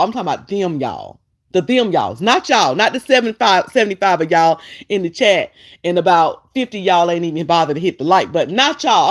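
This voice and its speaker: A woman hosts a casual live stream, scolding and teasing in a sassy way. Her voice swings widely up and down as she talks. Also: medium pitch. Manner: sassy, fussing, talks straight to chat. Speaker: vlogger host.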